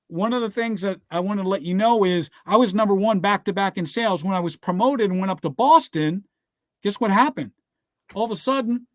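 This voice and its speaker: A man's voice: high-pitched, dry recording, studio quality. A man giving a motivational speech built on scripture, talking emphatically and often telling listeners to write things down. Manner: repeats "guess what" and "all right". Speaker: motivational speaker.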